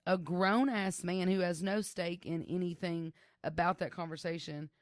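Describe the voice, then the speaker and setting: Young woman co-host, lower voice, chatty storyteller, dry close mic. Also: steady tone, normal speed, no room sound. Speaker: podcast co-host. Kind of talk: casual chat.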